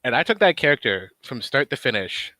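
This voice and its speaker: A man's voice: mid-range voice, sing-song, brisk, pushed and bright, no echo. A man hosting a casual stream, telling a rambling gaming story with many fillers. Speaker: stream host.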